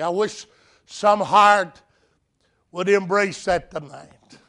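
A male preacher giving a sermon, stressing each point slowly and emphatically, with folksy storytelling. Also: sits high, fairly even intonation, a bit bright.

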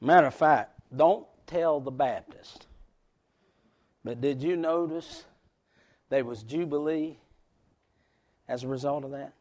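High-pitched folksy West Virginia preacher. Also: male voice, takes it slowly, long pauses. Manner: folksy, swings from shouting to near whisper. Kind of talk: sermon. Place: church service before a congregation.

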